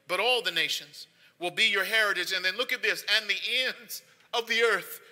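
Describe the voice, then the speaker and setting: High, bright-voiced male pastor preaching. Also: normal speed. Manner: conversational preaching, rising to emphatic repeats. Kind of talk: sermon. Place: church sanctuary. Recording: long hall reverb.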